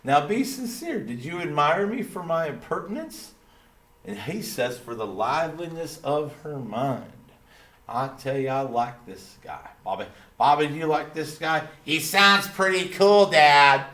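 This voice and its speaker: A man putting on a drawling small-town cartoon dad, folksy and proud, leaning on his stock phrases as he reads through a lesson. The voice sits a little high for a man and rings in a roomy space. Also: very animated, sharp tone, heavily acted. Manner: slow Texan drawl, repeating catchphrases. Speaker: teacher. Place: classroom. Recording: roomy echo.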